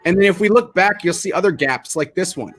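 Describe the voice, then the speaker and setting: A man who trades explaining chart levels in casual chat, animated and quick to act out other people's reactions. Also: sits high, faint music behind. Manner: animated, acts out market reactions, restarts often. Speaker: crypto trader.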